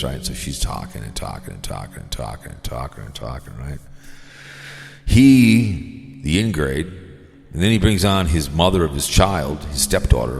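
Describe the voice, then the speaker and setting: A man's voice: very deep voice, long reverb tail. A man hosting a podcast, rambling through a scornful casual monologue and often tagging his sentences with "right?". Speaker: podcast host.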